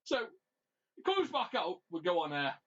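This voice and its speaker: High-voiced man ranting a story. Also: unhurried, noisy background. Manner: animated ranting storyteller, swears freely. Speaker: podcast co-host. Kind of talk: casual storytelling chat. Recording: dull lo-fi audio.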